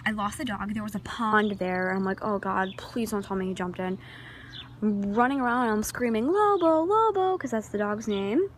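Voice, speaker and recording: A teenage girl vlogging outdoors in her neighborhood, telling a rambling, excitable story into a handheld phone camera. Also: mid-range voice, normal speed, a little hiss or hum. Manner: excitable, rambling, many restarts and fillers. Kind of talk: casual storytelling vlog.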